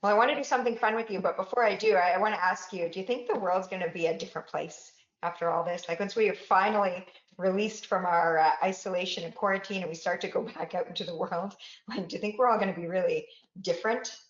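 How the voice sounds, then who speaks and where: A woman hosting a casual interview over a video call who speaks briskly and laughs easily. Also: mid-range voice, reverberant, lo-fi sound. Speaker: interview host.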